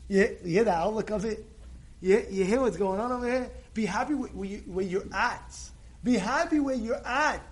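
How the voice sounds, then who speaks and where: A man with a notably high voice leads a casual Torah class, pressing his point over and over. He drops to near-mutters, then rises to forceful, shouted exhortations, sprinkling in Hebrew blessings as he goes. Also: normal speed. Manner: animated, swings from quiet asides to shouted exhortations, repeats phrases; peppers speech with Hebrew blessings. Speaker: rabbi giving a Torah class. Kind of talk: informal Torah talk to a live group.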